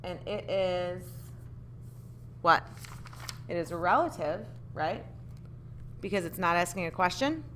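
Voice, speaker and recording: A woman's voice: fairly low pitch, expressive, takes it slowly, pauses often, a bit bright, slight background noise. A woman teaching a grammar lesson, patiently explaining step by step and asking the class questions. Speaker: English teacher.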